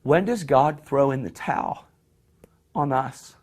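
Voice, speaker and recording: A man delivers an impassioned sermon in a husky, mid-range voice at a slow pace. He restarts and repeats phrases, dropping into soft, hushed tones whenever he voices the characters in his story.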